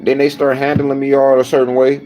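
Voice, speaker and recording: A man's voice: medium pitch, monotone, fairly quick, muffled recording. A man casually recounting a jail story, blunt and swearing constantly, with faint music behind.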